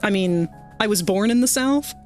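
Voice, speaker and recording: A woman's voice: medium pitch, moderate pace, darkish tone, faint music behind. A woman from Maryland chatting casually on a livestream while playing a game, rambling through stories with self-deprecating asides. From Maryland, United States. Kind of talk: casual chat while gaming.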